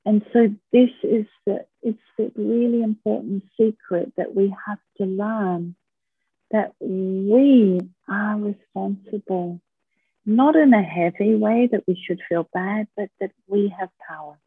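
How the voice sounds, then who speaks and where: A woman leading a workshop on stress. She talks calmly and patiently and often checks in with her listeners. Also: medium pitch, a little slow, husky, no room sound. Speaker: workshop speaker. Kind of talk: slow, gentle talk on managing stress. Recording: tinny phone-like line.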